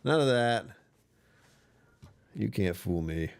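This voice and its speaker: A man with a rumbly, somewhat low voice talks casually to his livestream audience. He sounds worn out and tired, yet keeps joking and laughing as he chats. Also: animated, takes it slowly, vocal fry, clear, resonant tone. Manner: chatty, joking, often laughing. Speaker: livestream host.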